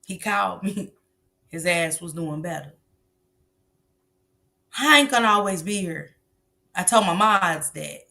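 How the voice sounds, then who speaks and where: A woman's voice: lowish voice, expressive, measured pace, vocal fry, pauses often, pushed and bright. A middle-aged woman hosting a livestream, lecturing bluntly and profanely about parenting in a casual, preachy way. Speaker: livestream host.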